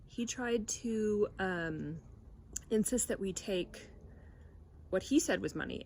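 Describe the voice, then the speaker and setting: A woman, a former video store clerk, telling a story in a relaxed interview with occasional fillers. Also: medium pitch, slight background noise.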